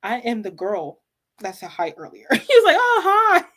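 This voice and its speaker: A woman chatting casually as co-host, telling an animated story with lots of "like" and frequent laughter. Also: mid-range voice, normal speed. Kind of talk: casual fan chat.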